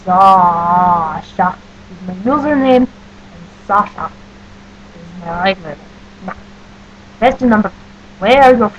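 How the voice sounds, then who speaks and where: Woman, webcam vlogger, deadpan jokes in a put-on mock Russian accent, dull lo-fi audio with faint hum. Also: mid-range voice, a little slow, pauses often. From New Jersey. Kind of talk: comic accent-challenge vlog.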